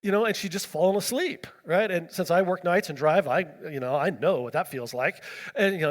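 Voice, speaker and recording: A man preaching a sermon, telling a personal story in a chatty, animated way, full of fillers and acted-out quotes. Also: high voice, a little fast, in a large hall. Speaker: pastor.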